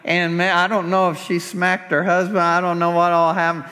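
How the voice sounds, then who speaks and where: A man's voice: high-pitched, completely flat delivery, moderate pace, bright, forceful tone. A man preaching a sermon to a congregation, passionate and pleading as he builds to fervent prayer. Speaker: pastor. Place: church sanctuary. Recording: long hall reverb.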